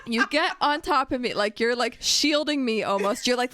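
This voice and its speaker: Lively, laughing woman telling stories. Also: sits high, moderate pace, hardly any pauses, dry recording. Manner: animated storytelling with frequent laughter. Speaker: podcast co-host. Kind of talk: casual couple chat.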